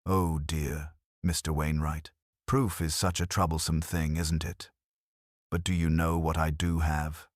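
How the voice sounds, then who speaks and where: A man's voice: extremely low pitch, level tone, unhurried, no echo, clean studio sound. A man voicing an elderly woman sleuth who speaks in a light, pleasant, conversational way. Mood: pleasant, probing. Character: elderly woman sleuth, gentle, shrewd, unruffled.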